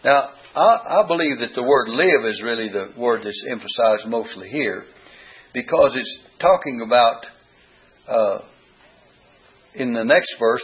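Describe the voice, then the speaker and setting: A man's voice: medium pitch, lively intonation, a little slow, breathy edge. A man teaching a Bible study lesson, reading verses aloud and repeating key words with rising emphasis. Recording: dull lo-fi recording.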